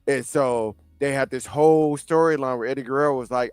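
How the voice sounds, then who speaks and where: A man's voice: medium pitch, brisk, clear, resonant tone, dry recording, faint music behind. A man hosting a casual comic book chat show, telling stories and laughing often. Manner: laughs often, animated storytelling. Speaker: host.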